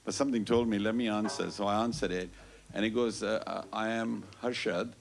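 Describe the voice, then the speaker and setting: At a Sunday program in a temple hall, a man tells a story as a casual announcement, speaking fast in a lowish voice. He's animated, acting out back-and-forth dialogue with others and often saying "you know" and "I goes."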